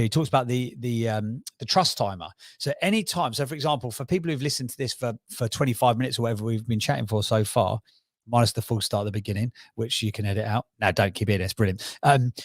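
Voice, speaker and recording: A man with a Cockney accent talks as a podcast guest. He is emphatic and quick, stacking numbers and examples, in a mid-range voice. The sound is dry and close. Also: mid-range voice, no room sound. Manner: fast, emphatic, piles up figures and examples. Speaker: podcast guest, brand strategist. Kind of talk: energetic interview talk.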